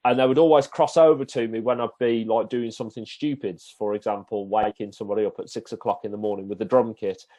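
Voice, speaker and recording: A man's voice: fairly low pitch, steady tone, fast talker, hardly any pauses, warm tone. A man from the Black Country with a Black Country accent, a podcast guest and event presenter who tells stories in casual chat and acts out other people's voices. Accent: Black Country English. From Black Country, England.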